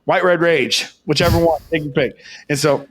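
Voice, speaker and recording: A man's voice: a little high, fairly even intonation, moderate pace, a bit bright, a little hiss or hum. A young man co-hosting a podcast, telling a long story in a rambling, profane way and insisting it's true. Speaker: podcast co-host. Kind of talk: casual storytelling.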